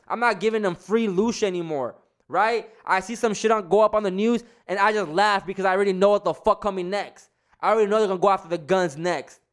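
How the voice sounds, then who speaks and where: Young dude venting to the camera, cussing a lot, tripping over his words, kinda high clean voice. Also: a bit bright. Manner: heated, profane, repetitive restarts. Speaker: vlogger. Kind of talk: casual ranting monologue.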